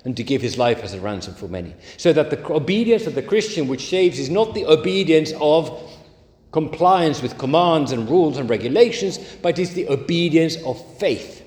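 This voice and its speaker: A man preaching a sermon, leaning hard and slowly on key words. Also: on the high side, lively intonation, darkish tone. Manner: emphatic, slow stresses on key words. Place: church. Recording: echoey church hall.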